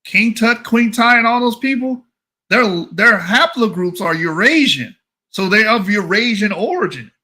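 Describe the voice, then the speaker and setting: A man's voice: high voice, animated, moderate pace, bright, forceful tone. A man in a heated online debate, blunt and combative, swearing and talking over the other speaker on a video call.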